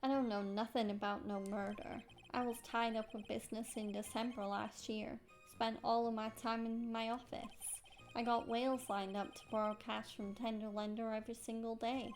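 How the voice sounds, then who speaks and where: A woman voicing a hot-headed male loan-shark thug with a Brooklyn accent and rough, threatening talk. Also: a little high, little pitch movement, normal speed, soft background music, natural voice. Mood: menacing. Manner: rough, threatening, bad grammar.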